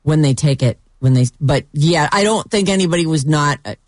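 A woman co-hosting a morning radio show with quick reactions and wry humor. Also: low-pitched, darkish tone, no echo. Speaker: radio co-host.

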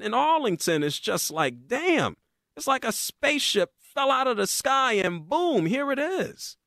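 A man hosts a sports opinion show, his voice sitting high and leaping all over the place as he rants sarcastically. The sound is dry and close, with no room around it. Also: no room sound. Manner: animated, sarcastic ranting.

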